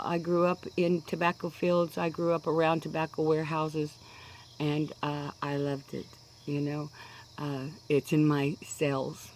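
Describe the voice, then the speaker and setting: A woman's voice: low-pitched, poor audio. Woman, 60s, Kansas accent, casual chatty vlogger who wanders off topic; recorded outdoors with faint insect noise. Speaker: pipe-smoking vlogger. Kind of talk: casual rambling monologue.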